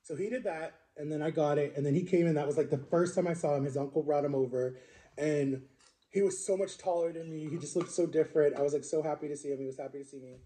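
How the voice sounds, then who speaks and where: A man's voice: a little high, steady tone, fast talker, dark tone. A young adult man telling a long personal story in a casual, rambling way, full of fillers and restarts. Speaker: social media creator.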